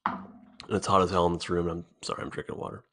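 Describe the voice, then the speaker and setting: A man hosting a solo podcast, thinking out loud in a halting, rambling way, swearing often, recorded in an indoor room. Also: sits low, flat delivery. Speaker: podcast host.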